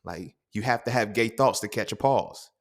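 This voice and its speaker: A man's voice: on the low side, normal speed. A man delivering a casual, profane monologue, blunt and streetwise, firing off rhetorical questions. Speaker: podcast host.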